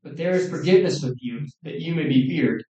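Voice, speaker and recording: A man's voice: a little high, warm tone. Man preaching in an echoey hall. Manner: earnest, measured, quoting scripture. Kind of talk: sermon. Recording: echoey room, distant mic.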